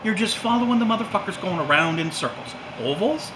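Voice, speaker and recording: A man's voice: high voice, animated, brisk, background noise. A man hosting a casual monologue, rambling and lecturing with frequent profanity. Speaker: host.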